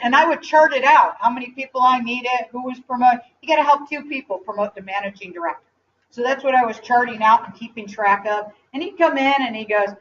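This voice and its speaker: A woman in her forties giving a motivational speech to an audience, animated, telling stories and asking the room questions. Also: a little high, fairly quick, a little hiss or hum. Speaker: speaker at a company event. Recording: distant, dull lo-fi live recording.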